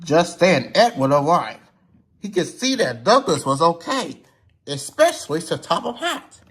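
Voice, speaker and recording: A man's voice: a little high, big pitch swings, a little slow, a bit bright, slightly rough. A man narrating a toy train story in a plain, rambling way with slips.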